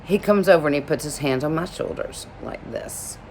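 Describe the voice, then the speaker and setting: A woman's voice: low voice, normal speed, a little mellow, slight background noise. A woman from Alabama casually telling a personal story to camera, emotional and rambling, with many "like" fillers.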